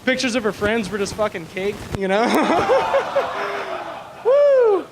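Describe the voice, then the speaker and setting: A young man with a notably high voice performs a stand-up comedy set on a small club stage, speaking into a handheld mic. His storytelling is crude and rambling, full of fillers. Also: big pitch swings, slow pace, a loud crowd, heavy background noise.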